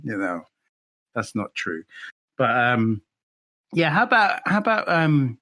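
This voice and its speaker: Halting, lively-voiced English man. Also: medium pitch. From England. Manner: halting, restarts often, laughs between phrases. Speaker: podcast co-host. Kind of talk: casual chat.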